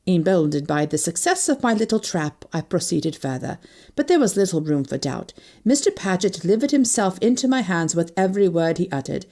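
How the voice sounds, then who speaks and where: Warm, expressive woman audiobook narrator. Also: fairly low pitch, fairly quick. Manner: expressive, lively character voicing. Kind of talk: scripted first-person novel narration.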